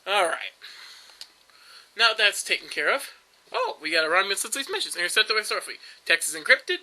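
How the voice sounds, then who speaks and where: A man's voice: high voice, very animated, fairly quick, pushed and bright, poor audio. A young man casually commenting while playing a video game, rambling with frequent fillers and restarts. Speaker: gameplay commentator. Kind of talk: casual let's-play commentary.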